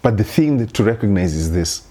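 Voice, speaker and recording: A man's voice: on the low side, lively intonation, fairly quick, warm tone. A man preaching a sermon in an earnest tone, building through repeated rhetorical questions. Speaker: pastor.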